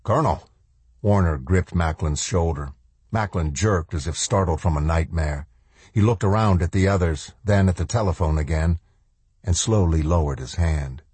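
A man narrating an audiobook in a measured, steady storytelling manner. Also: low voice, slightly rough, no room sound. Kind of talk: scripted narration.

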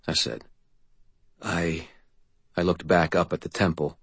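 A man narrating an audiobook in first person with a measured, wry delivery. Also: deep voice, steady tone, creaky, husky, no echo.

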